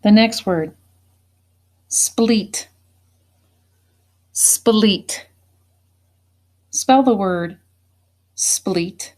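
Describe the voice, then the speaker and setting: A woman teacher giving a spelling test, saying each word slowly and deliberately and then saying it again. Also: medium pitch, darkish tone. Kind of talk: slow spelling dictation.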